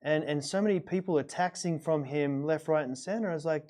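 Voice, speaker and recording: Earnest guest guy, kinda high mellow voice, keeps restarting his words. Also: a little fast, hardly any pauses. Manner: earnest, repetitive, stammering restarts. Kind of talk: casual conversation.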